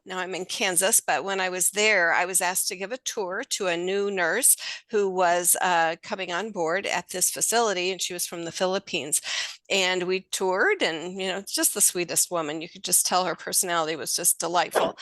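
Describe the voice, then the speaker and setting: Bright-voiced woman telling a story. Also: dry recording. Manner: animated storyteller, acts out voices with big pitch jumps. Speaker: speech pathologist and accent trainer. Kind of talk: virtual networking talk. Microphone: video call.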